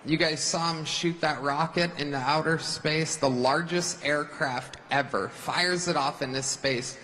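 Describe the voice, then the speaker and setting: Slow-talking man doing stand-up in a noisy arena. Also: a little high, bright, forceful tone. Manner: mocking punchline delivery. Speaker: stand-up comedian. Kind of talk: stand-up set at a rally. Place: large arena with a crowd.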